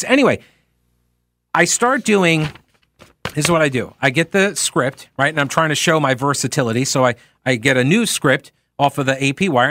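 A man's voice: medium pitch, fairly bright tone, no room sound. A man with a slightly nasal voice and a Long Island accent, talking as a radio talk show host in a chatty, rambling way with wry asides. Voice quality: a little nasal. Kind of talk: casual talk radio monologue. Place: radio studio. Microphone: studio microphone.

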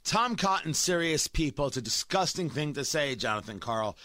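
A man with a high, bright, forceful voice delivers heated, mocking political commentary. The sound is dry and close, with no room around it. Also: animated, normal speed, no echo.

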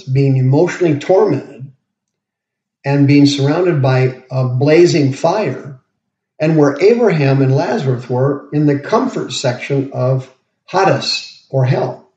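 A man preaching a verse-by-verse sermon, slowly explaining each word as he goes. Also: fairly high pitch, animated, dark tone. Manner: slow, deliberate, pauses to explain words. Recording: roomy, dull lo-fi podcast audio.

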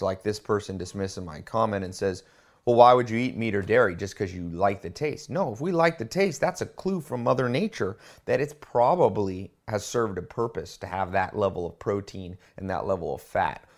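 Low-pitched man, show host, emphatic, casual, stresses words. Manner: emphatic, stresses key words, restarts often. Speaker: host discussing a book. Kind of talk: casual spoken commentary.

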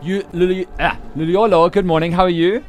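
A man with a Cape Town South African accent hosting a breakfast radio show, teasing and joking with quick banter. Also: high voice, steady tone. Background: music bed.

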